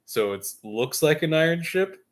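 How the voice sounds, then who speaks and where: A man's voice: a little high, expressive, unhurried. A man hosting a gaming stream, telling a long story in casual chat with jokey asides and frequent laughs. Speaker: stream host.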